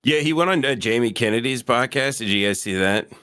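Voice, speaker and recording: A man putting on a bright, smooth, slow voice. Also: mid-range voice, expressive, voice pushed up.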